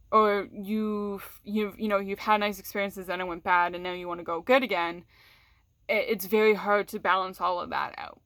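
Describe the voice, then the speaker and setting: A woman's voice: mid-range voice, a bit bright, dry recording, studio quality. A woman vlogger in a candid, casual chat with her audience. She is frank and swears freely, restarts her sentences often and laughs between words.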